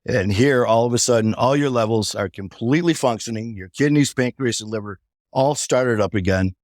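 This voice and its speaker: A man's voice: medium pitch, normal speed, darkish tone, no room sound, studio quality. A man, a podcast guest, telling a personal recovery story and acting out the dialogue of the people in it.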